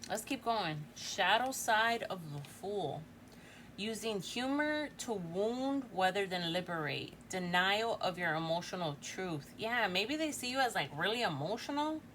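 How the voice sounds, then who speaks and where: A woman's voice: medium pitch, lively intonation, measured pace, fairly bright tone, slight background noise. A woman in her forties giving a casual tarot reading, chatty and thinking aloud, often tagging lines with "right?". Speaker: tarot reader.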